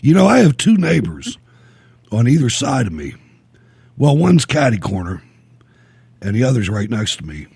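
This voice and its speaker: A middle-aged man hosting a call-in talk radio show, blunt and animated, often laughing. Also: mid-range voice, normal speed, gravelly, long pauses, slightly rough, dry recording.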